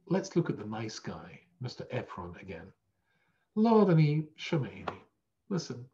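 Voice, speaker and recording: A man's voice: medium pitch, darkish tone, lo-fi sound. A man teaching a weekly Torah lesson as a rabbi, conversational and self-deprecating. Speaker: rabbi teaching a text class.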